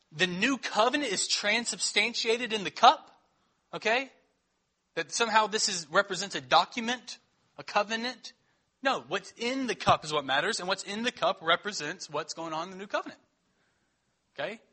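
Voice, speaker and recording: A man's voice: sits high, pushed and bright. A man preaching a sermon as pastor, teaching in a conversational way and checking in with the congregation.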